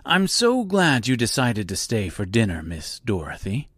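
A man's voice: medium pitch, wildly swooping pitch, moderate pace, a bit bright, husky, no room sound, studio quality, heavily acted. A man voicing a boastful, lonely male storyteller who plays host with grand, theatrical airs, for an audiobook reading.

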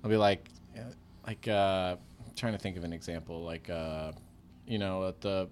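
A man's voice: low voice, steady tone, a little fast, slight background noise. Man in his thirties, chatty and rambling. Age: 30s. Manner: rambling, many fillers and restarts. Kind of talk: casual comedic chat.

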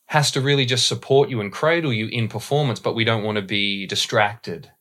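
Brief: Australian man, voice coach, lowish, bright timbre, measured explanatory podcast guest. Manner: thoughtful, explanatory, uses images and examples. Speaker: voice and dialect coach. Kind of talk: podcast interview.

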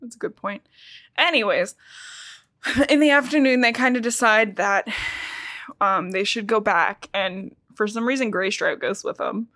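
A woman hosting a casual book-recap podcast, swearing freely and retelling scenes with animated, giggly energy. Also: medium pitch, a little slow, pauses often, no echo, studio quality. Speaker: podcast host.

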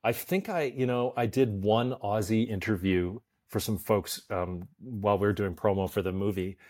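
Chatty low-voiced actor, self-deprecating. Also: male voice, normal speed, a little mellow. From Canada. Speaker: guest actor. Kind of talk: casual interview chat.

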